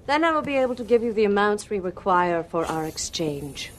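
An actress playing a composed female alien diplomat with a calm, measured, formal manner. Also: medium pitch, natural voice.

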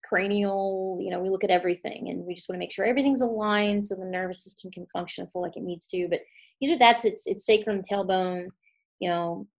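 A woman's voice: mid-range voice, steady tone, a little fast, creaky. A woman, a chiropractor guest on a podcast, talking casually with lots of fillers and restarts. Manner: warm, chatty, many restarts and fillers.

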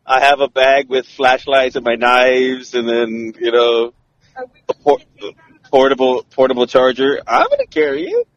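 A man's voice: medium pitch, very animated, unhurried, highs cut off. A man hosting a casual chat, joking and laughing easily. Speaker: host.

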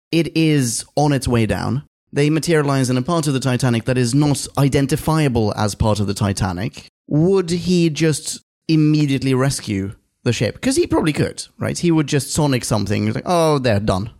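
A man co-hosting a podcast in casual chat, excitable and prone to laughing. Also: mid-range voice, normal speed. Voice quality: animated, giggly, excitable. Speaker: podcast co-host.

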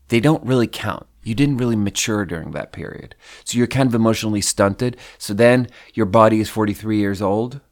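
Swedish-born guy on a podcast, kinda low voice, rambles and cusses a lot, real candid. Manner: candid, rambling, swears freely. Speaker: podcast co-host. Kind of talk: casual reflective chat.

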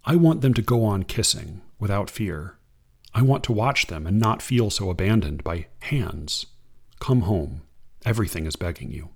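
Man, low voice, measured, hesitant commentary and quote reading. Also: animated, creaky, slightly rough. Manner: measured, hesitant, restarts often. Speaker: commentator on poetry.

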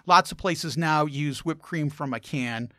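A man's voice: on the high side, unhurried, a bit bright, no echo, studio quality. A man hosting a travel and food show, narrating wry anecdotes in a scripted style.

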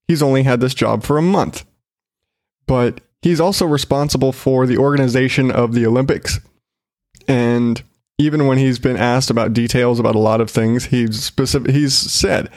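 A man's voice: medium pitch, no echo, studio quality. A man hosting his own show, giving casual, sarcastic commentary on odd news stories, swearing and laughing as he goes. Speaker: solo show host.

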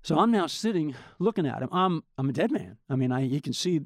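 A man's voice: on the high side, fairly quick, no echo, studio quality. An older man, a guest, telling a long anecdote in casual chat and acting out the voices of the people he quotes. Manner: animated, acts out quoted voices. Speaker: guest storyteller.

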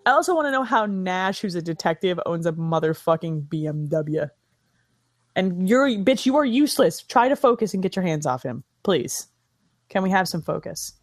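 In casual movie commentary, a woman and her friend mock a film, and she swears and delivers sarcastic asides throughout. Her voice is on the low side with lively intonation and a normal pace. The recording is dry and studio quality.

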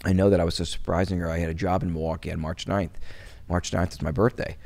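A man's voice: low-pitched, level tone, fast talker, creaky. A middle-aged man from Wisconsin, a guest talking casually and rambling with many restarts. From Wisconsin, USA. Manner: rambling, many restarts, turns soft when recalling loss. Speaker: interview guest. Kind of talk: casual interview conversation.

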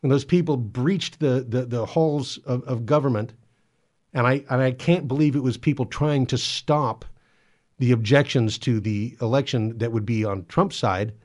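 A man's voice: mid-range voice, moderate pace, darkish tone. A man giving earnest Catholic commentary, often repeating words and stumbling as he presses his point. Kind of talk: spoken commentary and exhortation.

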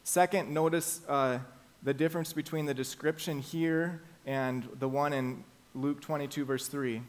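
A man's voice: on the high side, fairly even intonation. Emphatic preacher man. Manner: emphatic, slows down for key phrases. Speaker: pastor. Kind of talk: sermon.

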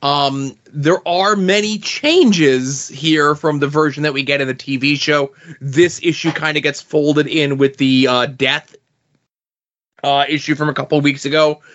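A man's voice: fairly high pitch, fairly even intonation, measured pace, a bit bright, muffled recording. A man chatting casually on a podcast about comics, with many fillers. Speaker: podcast co-host.

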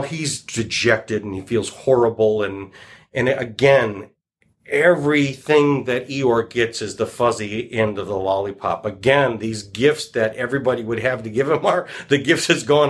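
A man retelling a children's story and drawing a lesson from it, in a reflective, rambling way. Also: mid-range voice.

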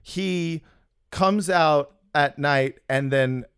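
A man's voice: fairly high pitch, extremely slow, fairly bright tone, clean tone, no room sound, clean studio sound. A man co-hosting a casual comedy podcast, recapping a film in a rambling, profane way with many restarts.

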